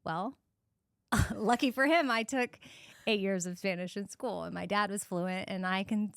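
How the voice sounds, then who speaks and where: A woman's voice: medium pitch, a little slow, gravelly, clean tone, dry recording, clean studio sound. A woman from Texas co-hosting a podcast, telling a story in casual chat and laughing often. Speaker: podcast co-host.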